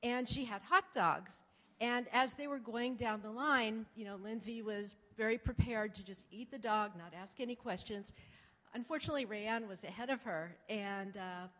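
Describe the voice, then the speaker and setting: Woman, mother, lively anecdote, slightly high voice, echoey hall. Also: moderate pace. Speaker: panelist, a mother. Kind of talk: anecdote at a panel.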